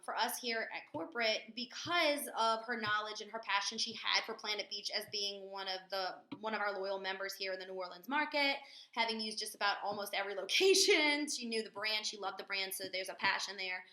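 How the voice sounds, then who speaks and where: A woman giving a chatty, energetic sales training webinar from a corporate office, with plenty of fillers. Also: medium pitch. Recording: echoey room.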